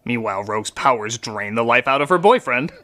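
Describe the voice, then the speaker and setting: A middle-aged man hosting a comedic movie review, sarcastic and animated. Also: medium pitch, brisk. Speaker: host, film critic.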